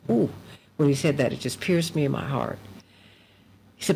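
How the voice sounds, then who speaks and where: A woman hosting a radio talk show, telling stories in casual chat and swinging from loud to hushed. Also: sits low, moderate pace, gravelly, pauses often, a little hiss or hum.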